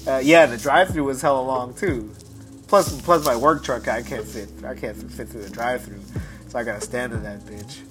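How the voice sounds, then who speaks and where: A man's voice: mid-range voice, moderate pace, music in the background. A man telling a story in a casual podcast chat, rambling and cursing with frequent restarts.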